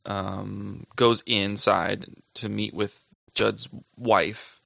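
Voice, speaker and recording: Man, podcast co-host, gravelly voice, dry close mic, slow halting recap. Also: lowish voice, level tone, bright, forceful tone, no echo. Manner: slow, halting, with fillers and restarts. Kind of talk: casual TV episode recap.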